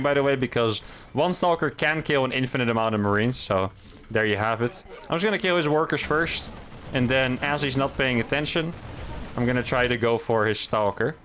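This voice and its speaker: A man talks through his own match while he plays it, in casual, upbeat commentary. His voice sits at an ordinary middle pitch, and he thinks out loud in a relaxed, chatty way. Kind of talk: casual live game commentary.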